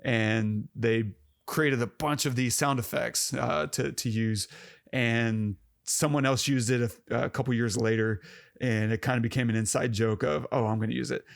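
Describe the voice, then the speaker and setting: Gravelly man gushing about a film. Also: medium pitch, fairly even intonation, measured pace, no echo, clean studio sound. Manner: enthusiastic, laughs often, many fillers. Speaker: podcast co-host. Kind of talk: casual film discussion.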